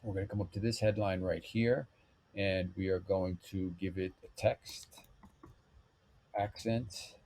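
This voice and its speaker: A man with a low, mellow voice walks through a website rebuild step by step in a screen-recorded tutorial. He speaks in a relaxed, unhurried way, with plenty of ums and okays. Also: a little hiss or hum. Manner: relaxed step-by-step talk with fillers. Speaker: web developer tutorial host.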